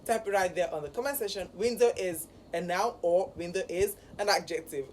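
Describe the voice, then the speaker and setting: A woman's voice: lowish voice, fairly quick, a little hiss or hum, low-quality recording. A woman elocution coach teaching a pronunciation lesson, repeating words with careful emphasis.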